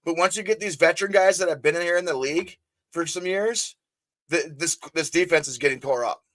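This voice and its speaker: A man's voice: a little high, a little fast, fairly bright tone. Blunt, swearing man co-hosting sports talk. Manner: blunt and profane. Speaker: co-host. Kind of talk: casual sports chat.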